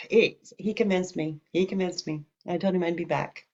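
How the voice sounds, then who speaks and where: Speaking at a measured pace in a fairly low voice, a woman candidly recounts something that happened to her, animating the retelling by quoting what others said. The lo-fi recording sounds dull.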